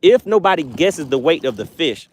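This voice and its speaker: A man's voice: on the high side, big pitch swings, normal speed, breathy edge. A man with a Southern US accent, from Georgia, hosting a fishing livestream outdoors by the water and chatting casually with viewers. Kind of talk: casual live-stream chat, reading comments.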